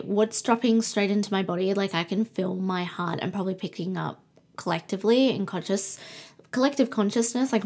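A young woman hosting a spiritual podcast, reading cards and speaking softly and soothingly, slowing down for affirmations. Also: lowish voice, breathy edge. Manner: soft, soothing, slows down for affirmations. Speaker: podcast host.

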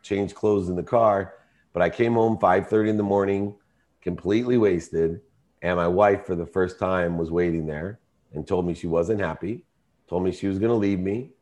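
Male guest, deep voice, passionate and emphatic storytelling. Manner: emotional, emphatic, rising to shouting in quoted arguments. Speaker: entrepreneur guest. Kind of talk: storytelling in an interview.

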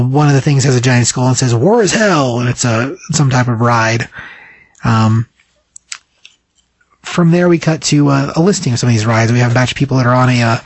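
A man's voice: mid-range voice, no room sound. A man casually recapping a comic book scene by scene, rambling with many fillers.

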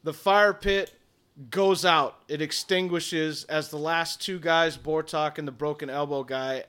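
A man with a bright, slightly high voice narrates as the game master of a tabletop game. He lays out the action plainly and descriptively, turn by turn. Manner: descriptive, matter-of-fact scene narration.

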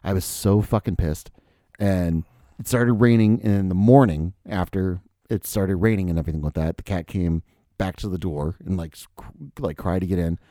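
A man's voice: low-pitched, normal speed, mellow, dry recording, clean studio sound. A young adult man, a musician, telling a long story in casual podcast chat, rambling with lots of fillers and swearing. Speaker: guest musician.

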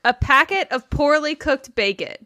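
A woman's voice: sits high, animated, moderate pace, sharp tone, no echo. A woman co-hosting a podcast, bubbly and laughing often as she runs a game segment. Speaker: podcast co-host. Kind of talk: casual podcast chat.

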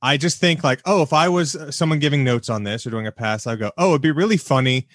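A man's voice: medium pitch, dry recording, clean studio sound. Chatty man hosting a movie podcast. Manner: animated, chatty, quick asides. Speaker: podcast host. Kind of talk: casual movie-review chat.

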